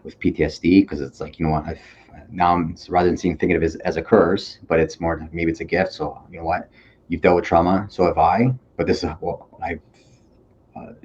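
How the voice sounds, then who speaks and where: A man from Toronto, Canada, a police officer and army veteran, speaking as a podcast guest in an earnest, reflective way with halting fillers. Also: low voice, level tone, a little mellow, dull audio, a little hiss or hum. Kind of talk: candid conversational interview.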